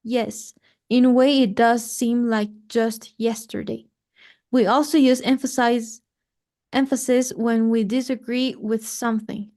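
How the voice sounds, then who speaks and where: A woman's voice: fairly high pitch, unhurried. Woman student reading aloud carefully. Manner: careful, steady reading with small slips. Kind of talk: reading a grammar text aloud.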